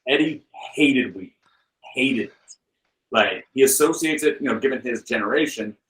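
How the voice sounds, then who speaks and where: A man, a podcast guest, telling a story in a relaxed, talkative way. His voice sits at an ordinary middle pitch. He sprinkles his speech with casual fillers as he goes. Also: normal speed, rough recording. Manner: lively anecdote-teller with loose filler words; acts out the people he quotes with shifted voices. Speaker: podcast guest, film director and author.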